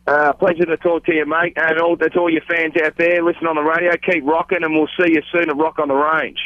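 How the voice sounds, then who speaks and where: A man's voice: fairly high pitch, flat delivery, brisk, dry recording. Laid-back rambling male musician on a phone line. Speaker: guest musician. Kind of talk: casual phone interview.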